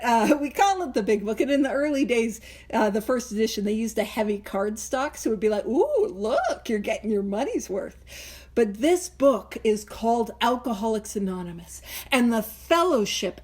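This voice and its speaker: Chatty woman, higher voice. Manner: chatty, joking asides, playful exclamations. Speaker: podcast host leading a book study. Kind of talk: casual chat reading and commenting on a text.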